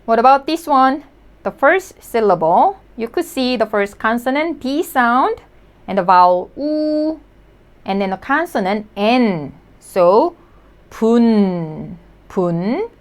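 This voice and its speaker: A Korean language teacher with a slightly high, very animated voice gives a slow, clear vocabulary lesson in English at a measured pace. She sounds out each syllable and repeats every word.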